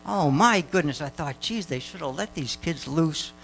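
An older man gives a rambling church testimony, circling back with fillers and restarts. His voice swings widely in pitch as he talks. Faint music plays behind him. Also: expressive, normal speed, vocal fry, fairly bright tone, rough recording. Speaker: mission trip speaker.

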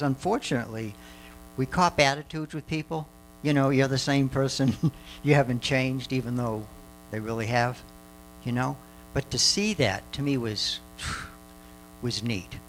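Rambling older man giving a lively testimony. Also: mid-range voice, a little hiss or hum, low-quality recording. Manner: rambling, many fillers and restarts. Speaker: mission trip speaker. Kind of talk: testimony to a church audience.

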